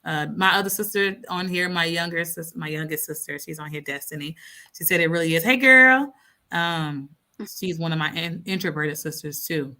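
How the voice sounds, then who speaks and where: A woman's voice: low voice, flat delivery, brisk, sharp tone. A woman in her thirties hosting a casual live stream, reading out comments and acting out her own thoughts with lots of laughter.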